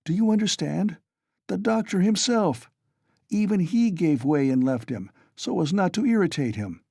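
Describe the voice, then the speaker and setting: A man's voice: high voice, lively intonation, moderate pace, vocal fry, no room sound, clean studio sound, voice pushed up, full character voice. A man doing a tipsy, blustering young man. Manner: loud, tipsy, emphatic.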